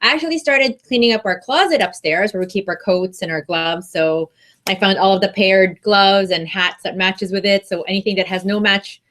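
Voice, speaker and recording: A woman's voice: mid-range voice, moderate pace, a bit bright. A woman, co-hosting a live stream in a playful, teasing, talkative way. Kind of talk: casual live-stream chat.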